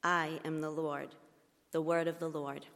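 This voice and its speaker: Woman, lowish voice, solemn scripture reading, church reverb. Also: level tone, measured pace, a bit bright. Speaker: lector. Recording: long reverb of a church hall.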